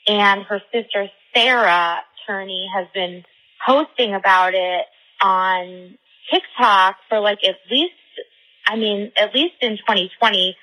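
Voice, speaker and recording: A woman's voice: medium pitch, unhurried, sharp tone, poor audio. A woman in her twenties leaving a rambling voicemail in a playful, put-on Southern drawl. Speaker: voicemail caller.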